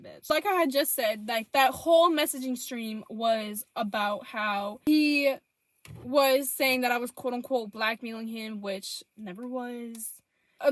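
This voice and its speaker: A woman's voice: fairly high pitch, no room sound. A young woman telling a storytime vlog, blunt and heavy on profanity, reading out text messages.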